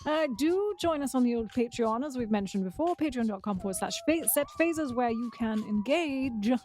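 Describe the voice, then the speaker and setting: A woman co-hosting a podcast in casual chat, running the news and plugs briskly with light humor. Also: a little high, lively intonation, darkish tone. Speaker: podcast co-host.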